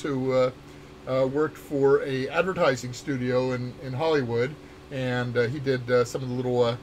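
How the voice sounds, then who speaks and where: A man's voice: medium pitch, a little hiss or hum. An older man, a game designer, chatting casually and rambling with many uh's and restarts. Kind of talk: casual dev chat.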